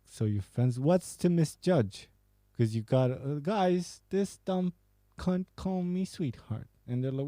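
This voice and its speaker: A man's voice: on the high side, animated, takes it slowly, dark tone, no echo. A man hosting a podcast, casually reading out and joking about viewer messages, laughing and swearing often. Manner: laughing, profane, banter. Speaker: podcast host.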